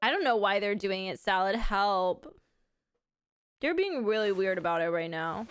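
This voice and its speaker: A woman's voice: medium pitch, lively intonation, moderate pace, clean tone, faint music behind. A woman chatting casually on a live game stream, giggling often and making crude jokes. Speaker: livestream gamer.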